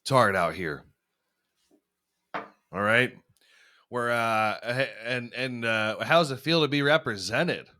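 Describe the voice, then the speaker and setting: A man's voice: medium pitch, slow pace, long pauses, sharp tone. A young man hosting a podcast, rambling and swearing freely, often laughing at himself. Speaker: podcast host. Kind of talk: casual chat.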